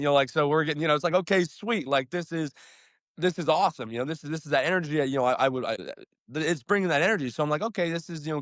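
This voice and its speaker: Young man, football coach, rambling upbeat chat, many fillers, mid pitch, dry close mic. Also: a bit bright, no room sound. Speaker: high school football coach. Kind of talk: casual podcast interview.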